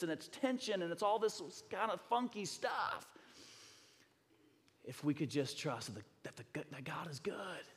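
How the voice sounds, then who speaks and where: A man preaching a sermon, telling a personal story with animated emphasis and repeating words when he gets excited. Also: sits high. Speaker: pastor. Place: church sanctuary. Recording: reverberant hall.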